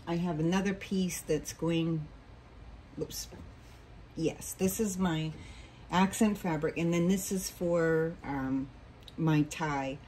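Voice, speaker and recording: A friendly, rambling woman walks through a home sewing project, losing her thread and correcting herself as she goes. Her voice sits a little low. A faint hiss of room noise runs under the camera mic. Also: darkish tone, rough recording. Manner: chatty and rambling, many ums and self-corrections. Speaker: sewing tutorial host. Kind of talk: casual home sewing tutorial.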